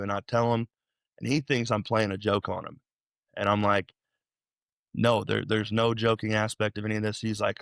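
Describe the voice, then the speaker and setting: Speaking quickly and smoothly, this young Illinois man shares his story as a guest on a podcast. The recording has no echo, and his low voice sounds dry and near the microphone. His delivery is lively and meandering, with frequent restarts and doubling back.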